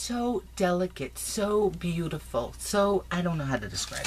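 A woman chatting excitedly through a crafting unboxing, gushing and laughing often in her home craft room. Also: fairly low pitch, unhurried, hardly any pauses. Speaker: crafting vlogger. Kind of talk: casual unboxing chat. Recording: noisy home recording.

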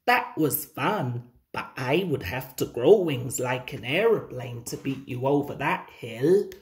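A woman's voice: very deep voice, expressive, slow, a little mellow, voice pushed down, full character voice. A woman voicing a boastful, cheeky male country bus who teases in a self-assured way. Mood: teasing.

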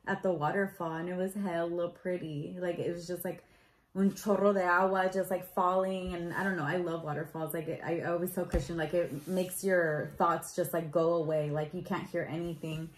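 A woman's voice: lowish voice, poor audio. A young woman telling her proposal story in a casual vlog, chatty and full of "like" fillers. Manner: chatty, lots of "like" fillers, animated retelling.

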